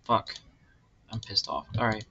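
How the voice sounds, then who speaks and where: A man's voice: lowish voice, a little slow. A young man, a college student, thinking aloud while he works, frustrated and cursing as he mutters to himself. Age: young adult. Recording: muffled lo-fi recording with background noise.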